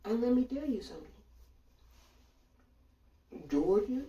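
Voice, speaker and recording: Speaking at a measured pace with frequent pauses, a political commentator rants bluntly and profanely at her listeners, full of indignation. Her mid-range voice is creaky and warm; she's off-mic in an echoey room and the recording is muffled.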